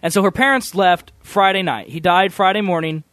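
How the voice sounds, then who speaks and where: Young guy on radio banter, high lively voice, dry sound, keeps laughing and doing voices. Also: normal speed, dry recording. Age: young adult. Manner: animated storytelling, mimics people, laughs often. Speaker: radio show co-host. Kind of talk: casual banter.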